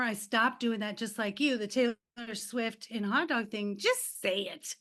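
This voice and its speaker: Animated middle-aged woman telling stories. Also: a little high, moderate pace. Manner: animated, laughs often, acts out quotes. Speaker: podcast guest, life coach. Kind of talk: casual storytelling chat.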